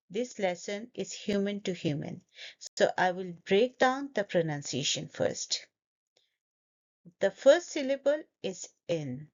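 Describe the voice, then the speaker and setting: A woman teaching English pronunciation, breaking a word into syllables and repeating it slowly for learners. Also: medium pitch, darkish tone, highs cut off. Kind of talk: slow, deliberate pronunciation lesson.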